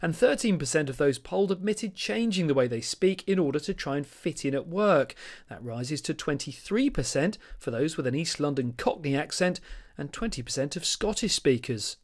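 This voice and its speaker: Male news reporter, fairly high, scripted voice-over. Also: lively intonation, normal speed.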